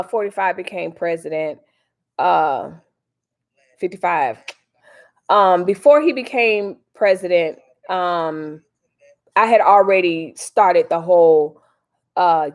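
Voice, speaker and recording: A woman's voice: on the low side, a little slow, darkish tone. A woman hosting a casual live stream, chatting in a slangy, direct way to her viewers. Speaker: livestream host.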